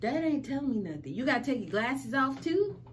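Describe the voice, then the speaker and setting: A woman's voice: high-pitched, big pitch swings, brisk, slight background noise. A woman hosting a casual home vlog, talking in playful, slangy banter. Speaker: vlogger host. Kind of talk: casual chat.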